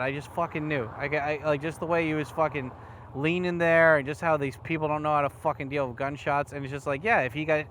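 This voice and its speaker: A man's voice: fairly high pitch, a bit bright. Swearing man ranting outdoors in traffic. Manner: rambling, heavy swearing, angry. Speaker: motovlogger. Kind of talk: casual riding vlog rant. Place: outdoors on city streets while riding. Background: faint traffic noise.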